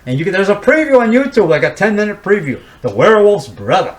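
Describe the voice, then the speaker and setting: A man's voice: sits high, very animated, fast talker, low-quality recording. A man, a horror movie maker as guest, chatting casually and showing props, rambling with frequent stammered repeats.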